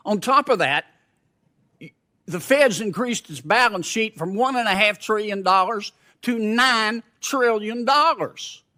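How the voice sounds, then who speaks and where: A man's voice: high-pitched, unhurried, sharp tone. A man, a senator questioning a witness at a hearing, speaking in a blunt, folksy, rhetorical way into a desk microphone.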